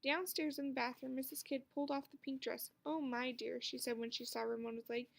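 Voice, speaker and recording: A woman reading a children's book aloud with expressive storytelling. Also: high-pitched, quick pace, gravelly. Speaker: narrator.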